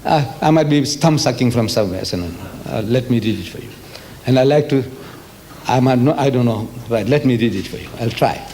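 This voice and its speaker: This is an older South African man giving a spirited religious lecture in public, quizzing the audience and reading out passages. His voice is mid-range and his delivery fairly quick.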